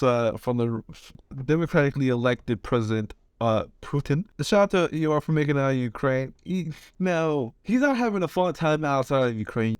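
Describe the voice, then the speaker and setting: Guy ranting fight picks, lots of cussing, smooth voice, dry close mic. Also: a little high, dry recording. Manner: swearing, slangy, rambling with restarts. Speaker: fight predictions commentator. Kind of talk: casual chat.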